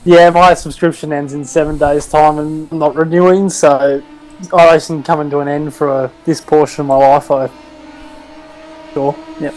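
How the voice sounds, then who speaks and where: A man's voice: on the high side, little pitch movement, moderate pace, a little mellow, rough recording. A man chatting casually and joking about stepping back from online racing. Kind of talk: casual chat.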